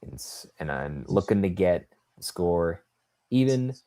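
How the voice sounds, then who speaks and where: A man's voice: deep voice, sing-song, unhurried, dark tone, dry recording, clean studio sound. A man co-hosting a live tennis watchalong, mixing jokey asides with casual play-by-play. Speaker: watchalong co-host and commentator.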